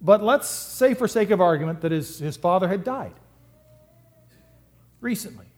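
A man delivers a sermon in a church with a somewhat high voice. He talks in a conversational, humorous way and lets his volume rise and fall sharply for emphasis. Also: moderate pace. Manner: humorous, conversational, lively swings in loudness. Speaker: pastor.

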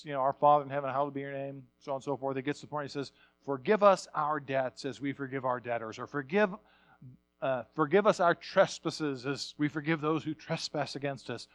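Animated preaching man, dry sound. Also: on the high side, no echo. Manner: animated, repeats words, swings from quiet to loud. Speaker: pastor. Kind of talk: sermon.

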